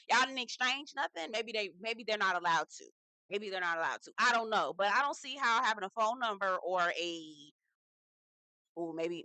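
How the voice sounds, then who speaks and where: A woman's voice: mid-range voice, bright, forceful tone, dry recording. A woman hosting a casual reality TV recap, sassy and slangy, talking straight to her viewers. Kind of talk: casual review commentary.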